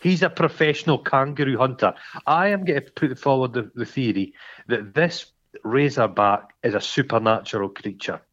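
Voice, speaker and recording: A man co-hosting a film podcast, retelling scenes in a rambling, sweary, animated way. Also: medium pitch, moderate pace, highs cut off. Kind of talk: casual chat.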